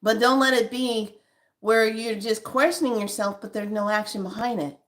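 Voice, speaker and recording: A woman's voice: a little high, moderate pace. Emphatic woman giving spiritual guidance. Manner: emphatic, conversational, calls listeners honey. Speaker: spiritual guide.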